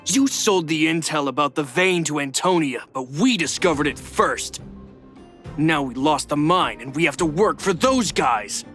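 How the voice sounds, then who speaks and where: An actor voicing a taunting young miner who leads a gang of bullies in a game. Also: male voice, fairly high pitch, expressive, unhurried, a bit bright, faint music behind. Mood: accusing. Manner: taunting, sneering. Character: mocking young male miner, a bullying ringleader. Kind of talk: game voice acting.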